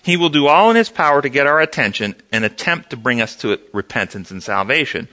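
A man teaching an interactive Bible study, asking the class questions and answering them himself. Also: medium pitch. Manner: animated, asks the class questions.

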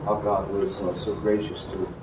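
A man in a Bible class speaks slowly and softly in a fairly low voice. He is heard from a distance in an echoey room, with clear background noise. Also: level tone. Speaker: class member. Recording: far off in an echoey room, noisy.

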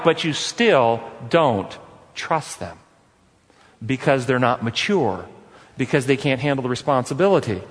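A man leads a forgiveness course with stories, speaking earnestly and repetitively and asking his listeners questions. His voice is fairly high for a man, and a long reverb from a large hall lingers after each phrase.

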